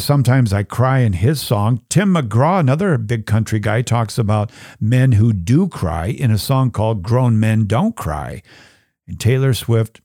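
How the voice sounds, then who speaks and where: A man's voice: lowish voice, no echo, studio quality. Folksy, chatty man hosting a faith podcast. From Minnesota. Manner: chatty, folksy, animated asides. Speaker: podcast host. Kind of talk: casual Catholic teaching talk.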